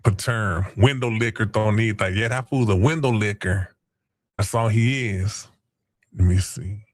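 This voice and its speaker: Low-voiced man trash-talking his chat. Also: a little slow, no echo, studio quality. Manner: crude, profane slang. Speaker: stream host. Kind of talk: casual livestream chat.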